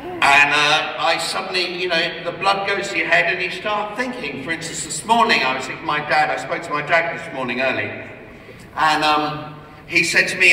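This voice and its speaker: Middle-aged guy doing a stumbly after-dinner comedy bit, slightly high voice, far off in a big echoey hall. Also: normal speed. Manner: self-mocking, stumbling, deadpan asides. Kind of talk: rambling comic speech. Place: large hall at a gala dinner. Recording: echoey hall, heard from far off, audible room noise.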